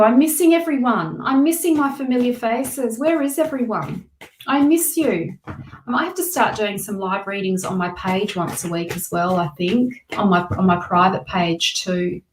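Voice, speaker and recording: A woman's voice: mid-range voice, reverberant, a little hiss or hum. A woman doing live tarot readings, chatting with viewers and giving emphatic advice. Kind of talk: casual live-stream reading.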